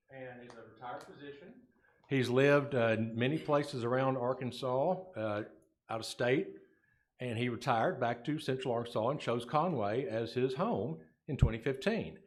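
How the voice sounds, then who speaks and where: A man on a city council giving a casual, halting introduction of a guest at a meeting. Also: medium pitch. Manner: halting, casual, with many fillers.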